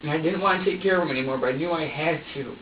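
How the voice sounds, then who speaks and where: A man's voice: fairly high pitch, very fast. A young man in a police interrogation room pours out an agitated, profane confession, stumbling over restarts as he goes. He sits away from the microphone, so his voice reaches it distant and roomy. The recording sounds dull and muffled, with a faint hum underneath. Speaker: suspect being questioned by police.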